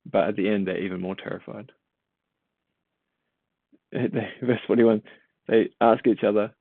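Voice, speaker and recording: On the low side with vocal fry, this man speaks in a steady tone, a little slowly, leaving long pauses. As a church Bible reader and teacher, he reads a passage, then explains it casually, asking rhetorical questions and repeating words while he thinks. The sound is tinny and dry, like a phone, with no echo.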